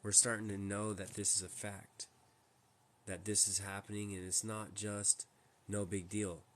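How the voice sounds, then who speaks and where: A man's voice: lowish voice, flat delivery, unhurried, slight background noise. A man hosting a casual live stream from home, talking in a rambling, emphatic way with many restarts. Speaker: livestream host.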